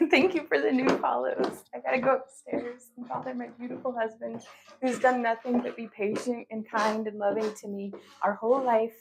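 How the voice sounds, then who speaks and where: A woman's voice: a little high, steady tone, moderate pace, vocal fry, background noise. A woman hosting a casual livestream, chatty and giggly, often laughing at herself. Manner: giggly, chatty, self-deprecating. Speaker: livestream host.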